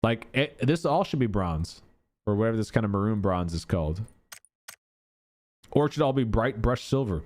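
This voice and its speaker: A man's voice: mid-range voice, a little mellow. Casual man musing over game skins. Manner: thinking aloud, chatty, fond of filler words. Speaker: gaming YouTuber. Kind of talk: casual gameplay commentary.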